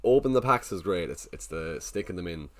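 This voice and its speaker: Low-voiced man chatting on a live stream. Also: animated, fairly quick, a bit bright. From Ireland. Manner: chatty, thinking aloud, greets chat viewers. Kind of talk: casual live-stream chat.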